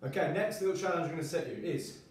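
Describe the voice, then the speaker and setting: A man's voice: on the high side, expressive, fast, distant mic. A male PE teacher leading a home football lesson, encouraging and demonstrating as he talks. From United Arab Emirates school. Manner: encouraging, demonstrating while talking. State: a little out of breath while counting. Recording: very echoey room, voice from off the mic.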